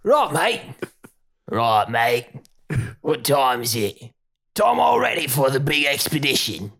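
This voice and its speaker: A man voicing a brash, chummy little male anglerfish in a mock Australian accent, high and teasing. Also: very animated, slow, creaky, fairly bright tone, breathy edge, exaggerated voice. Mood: cheeky.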